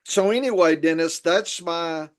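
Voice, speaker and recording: A man's voice: on the high side, measured pace. A man hosting a fantasy football podcast, rambling and joking in casual chat with his co-host. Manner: rambling, jokey, talks over his co-host.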